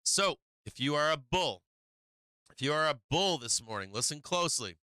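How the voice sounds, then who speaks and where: A man talks viewers through stock charts in a casual livestream, often checking in with "right?" and "okay?". His voice is strikingly bright and crisp, at a middle pitch. The recording is dry and close, with no room sound. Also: expressive, normal speed, dry recording. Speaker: stock market livestream host. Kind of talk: casual live-stream market commentary.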